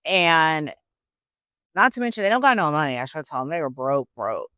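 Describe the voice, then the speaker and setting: A woman's voice: low-pitched, big pitch swings, moderate pace, fairly bright tone, no echo. A woman podcast host retelling a story casually, with a faith angle and chatty, slangy asides.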